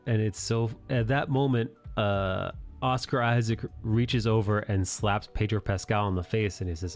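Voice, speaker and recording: Low-voiced man rambling on a live stream. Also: moderate pace, few pauses, faint music behind. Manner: rambling, jokey, thanks donors. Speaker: streamer host. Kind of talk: casual live-stream chat.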